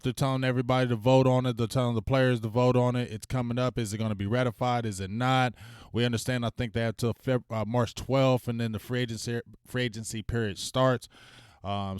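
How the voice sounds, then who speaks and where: A man chats casually to his livestream audience, loose and slangy, breaking into loud shout-outs and venting. His voice is smooth and resonant. The sound is dry and close to the mic. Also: medium pitch, no room sound. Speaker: sports talk stream host.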